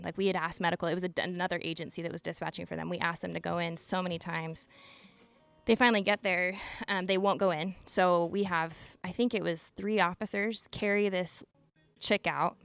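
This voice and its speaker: On a podcast, a former emergency dispatcher from Utah, a woman in her thirties, earnestly relates a tense episode from her past with many "like" fillers. Her voice runs on the low side, gravelly yet smooth, with a fairly bright tone.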